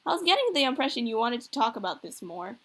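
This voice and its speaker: Brief: woman doing a goofy joking dad, fairly high voice, light teasing delivery. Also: sing-song, fast talker. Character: teasing middle-aged single father, goofy.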